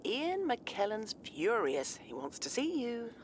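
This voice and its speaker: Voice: medium pitch, huge pitch swings, takes it slowly, slight background noise. A performer playing a teasing housemate speaking lightly.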